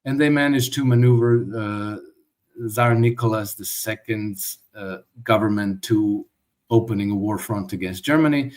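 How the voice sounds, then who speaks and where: A man appears as a guest commentator in a conversational interview, speaking thoughtfully but often restarting and stammering over his words. His voice is fairly low, unhurried, and a little mellow.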